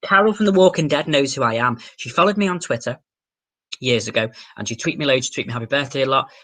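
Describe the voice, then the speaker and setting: A young man with an English accent, hosting a casual livestream and chatting excitably as he answers viewer comments, swearing now and then. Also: medium pitch, quick pace. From England. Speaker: livestream host.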